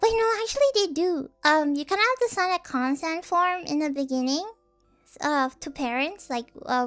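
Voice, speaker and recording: A woman's voice: sits high, moderate pace, a bit bright. A young woman streaming casually, rambling and giggling, acting out the people she quotes. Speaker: vtuber streamer.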